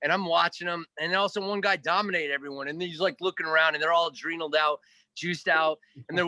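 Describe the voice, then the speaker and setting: In a fairly high voice and at a quick pace, a man appearing as a guest actor spins a lengthy, rambling tale during a relaxed interview. He swears occasionally, imitates other people's lines, and stays animated; the recording has no echo.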